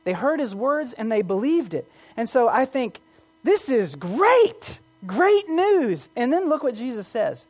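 A woman's voice: high voice, sing-song, measured pace, darkish tone. Earnest woman preaching a sermon. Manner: earnest, rhetorical questions, reads scripture aloud.

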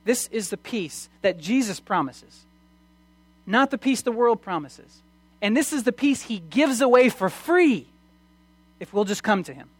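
A preacher giving a sermon, reading scripture slowly and swinging between hushed and loud emphasis, with frequent restarts. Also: medium pitch, big pitch swings, dry recording. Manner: reads scripture aloud slowly.

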